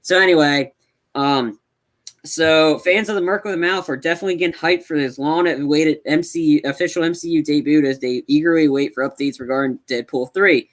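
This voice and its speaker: A man co-hosting a casual movie podcast, rambling and excitable, with many restarts. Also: on the high side, a little fast. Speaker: podcast co-host.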